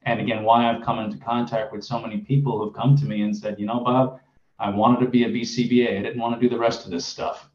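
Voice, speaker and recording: A man's voice: mid-range voice, little pitch movement, fast talker, a little mellow, roomy sound, muffled recording. A man who owns a behavior analysis clinic, speaking earnestly and at length on a panel, with some emotion. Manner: earnest, emotional, long-winded. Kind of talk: panel discussion.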